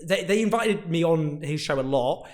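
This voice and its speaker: A British man, a political commentator guest, speaking in a rapid, animated, casual way with frequent restarts. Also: on the high side. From Britain. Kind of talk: casual interview chat.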